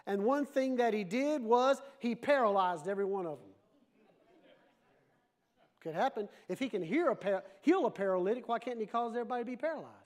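A man preaching a sermon as pastor, animated, with playful asides to the congregation. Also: extremely high pitch, fairly quick.

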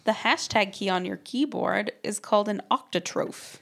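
Woman reading fun facts deadpan. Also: medium pitch, normal speed, creaky. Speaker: podcast co-host.

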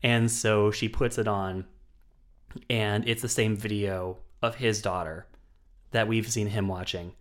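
A man's voice: lowish voice, fairly even intonation, a little slow. A man co-hosting a podcast, casually retelling a film's plot with lots of ums and asides. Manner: rambling plot retelling with many fillers. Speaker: podcast co-host. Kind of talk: casual chat.

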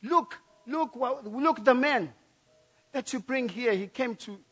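A man doing a shrill, accusing woman. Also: lively intonation, slow pace, sharp tone, husky, full character voice. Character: accusing, shrill woman crying false rape.

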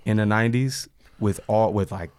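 A man in his thirties, a podcast guest, chatting casually in a laid-back, halting way with lots of fillers and restarts. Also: fairly low pitch, steady tone, darkish tone, smooth. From Indianapolis area. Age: 30s. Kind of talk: casual chat.

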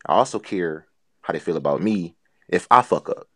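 A man's voice: sits low, expressive, normal speed, husky, no room sound, studio quality. A man co-hosting a casual podcast chat, talking earnestly and rambling with lots of filler phrases. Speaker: podcast co-host.

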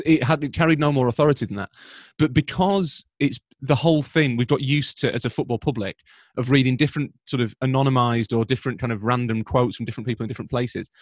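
A man from Britain, a football journalist, talking through the news on a podcast in a measured, analytical way with frequent restarts. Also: mid-range voice, no room sound, studio quality. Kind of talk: conversational podcast commentary.

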